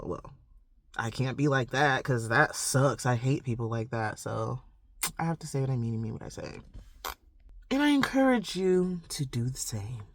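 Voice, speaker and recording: A woman's voice: sits low, darkish tone, no echo. Rambling confessional woman vlogger. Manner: rambling, full of "like" and "you know", reflective. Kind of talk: confessional casual monologue to camera.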